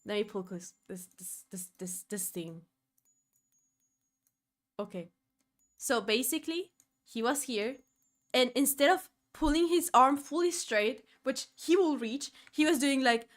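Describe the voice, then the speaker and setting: A woman streamer telling a story in casual chat, dropping to low murmurs and then bursting into loud exclamations. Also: animated, measured pace.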